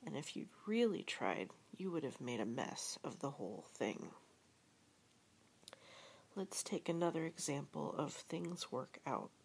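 A woman reading a gentle storybook text aloud in a soft, half-whispered, breathy way. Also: sits low, big pitch swings, measured pace, slight background noise. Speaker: reader.

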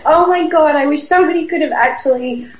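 A woman co-hosting a casual comedic chat, giggly and animated as she tells stories. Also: high voice, brisk, highs cut off. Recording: roomy voice recording.

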